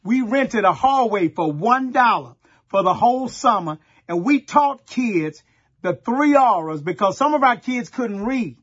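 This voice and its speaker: A middle-aged pastor from Texas, preaching a sermon in a folksy storytelling way and talking straight to the congregation. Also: male voice, high voice, animated, a little slow, breathy edge, highs cut off.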